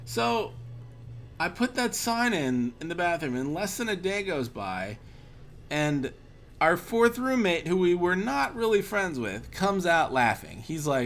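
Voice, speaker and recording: A man's voice: fairly high pitch, sing-song, measured pace, a bit bright. A man streaming while drinking, telling a rambling, profane anecdote in a casual way. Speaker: art streamer. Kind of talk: casual storytelling on a livestream.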